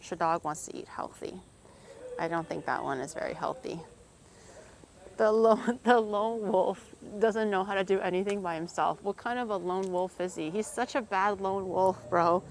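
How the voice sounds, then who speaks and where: A woman's voice: mid-range voice, normal speed. Chatty woman streamer, teasing and cursing a lot, faint hiss behind. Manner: chatty, teasing, swears freely, laughs often. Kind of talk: casual stream chat.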